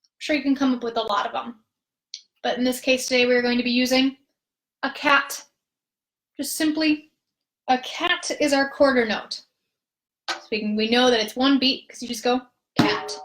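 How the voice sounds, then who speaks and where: A woman music therapist leading a rhythm lesson in a patient, upbeat way, counting beats aloud slowly. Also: on the high side, steady tone, fairly bright tone. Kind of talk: live-streamed rhythm lesson. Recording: roomy echo.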